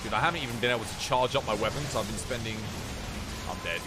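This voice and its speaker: A young man commenting live on a game he plays, muttering low at times and breaking into shouted excitement. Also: fast, loud music behind the voice. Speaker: streamer.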